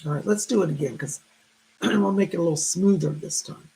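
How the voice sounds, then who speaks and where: A man's voice: high voice, fairly quick, creaky, warm tone. A man hosting a psychic live stream in a chatty, effusive way, greeting viewers by name and reading out their comments. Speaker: psychic livestream host. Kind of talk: casual live-stream chat.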